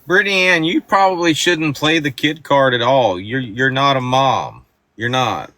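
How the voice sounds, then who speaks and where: Bright-voiced blunt man gossiping on a livestream. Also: medium pitch, moderate pace. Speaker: livestream host. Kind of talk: casual livestream chat.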